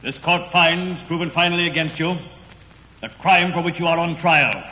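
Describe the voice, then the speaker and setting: An actor playing a stern judge passing sentence in an old radio drama, speaking formally. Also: male voice, on the high side, normal speed, pushed and bright. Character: stern middle-aged court judge. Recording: old radio recording with hall reverb.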